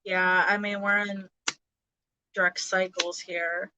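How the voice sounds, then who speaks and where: A woman in her thirties giving a casual tarot reading, halting and hesitant, with many fillers and restarts. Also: lowish voice, level tone, pushed and bright, smooth, low-quality recording. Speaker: tarot reader.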